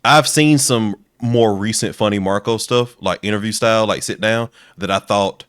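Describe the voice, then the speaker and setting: A man co-hosting a podcast, talking in a measured, reflective, hedging way. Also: on the low side, a bit bright, clear, resonant tone, no echo, studio quality. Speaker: podcast co-host. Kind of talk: casual chat.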